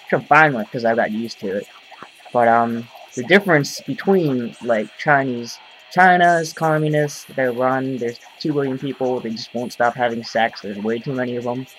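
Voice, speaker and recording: A man's voice: mid-range voice, slight background noise, rough recording. A man talking straight to his camera in a casual rant, rambling and profane, full of fillers. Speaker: vlogger. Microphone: camera mic.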